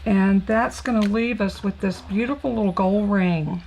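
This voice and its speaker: A woman's voice: mid-range voice, moderate pace, darkish tone, a little hiss or hum, rough recording. A woman with a Southern drawl chatting on a live card-making stream, gushing over her supplies and thinking aloud with fillers as she works. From Southern United States.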